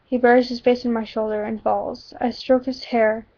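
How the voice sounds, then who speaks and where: A woman's voice: fairly high pitch, little pitch movement, normal speed, warm tone. A woman reading a story aloud, tossing in casual asides and fixing her own slips, on a dull lo-fi recording. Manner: casual asides and self-corrections. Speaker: reader.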